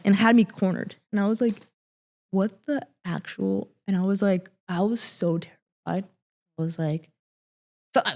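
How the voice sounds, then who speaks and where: A young woman sharing a painful personal story, halting with many fillers and restarts, often dropping to a quiet voice. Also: mid-range voice. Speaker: guest.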